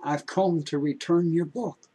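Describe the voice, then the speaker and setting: A man voicing a remorseful male thief who speaks softly and apologetically in a told story. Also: on the high side, steady tone, a little slow, breathy edge, rough recording. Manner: soft, apologetic.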